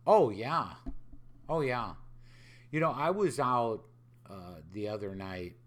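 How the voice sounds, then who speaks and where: A man's voice: mid-range voice, expressive, slow pace. A man hosting a podcast, talking in a casual reflective way, often asking rhetorical questions and voicing other people's lines in dialogue. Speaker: podcast host.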